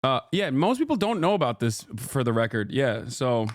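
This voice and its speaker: A man's voice: mid-range voice, very animated, moderate pace, no echo. Talky streamer man, dry close sound. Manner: rambling, emphatic asides to chat. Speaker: streamer reacting to clips. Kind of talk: casual live-stream commentary.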